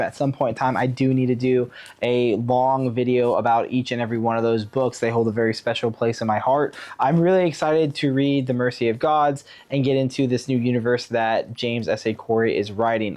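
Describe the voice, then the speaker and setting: A man's voice: medium pitch, darkish tone. Chatty man vlogging about books. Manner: enthusiastic, rambling with fillers. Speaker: book vlogger. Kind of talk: casual chat. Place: Oregon.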